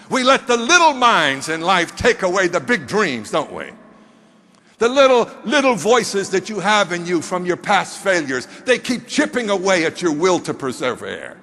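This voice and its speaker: A man giving an animated motivational speech from a stage, emphatic and firing questions at the audience. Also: high-pitched. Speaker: motivational speaker. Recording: long hall reverb on stage.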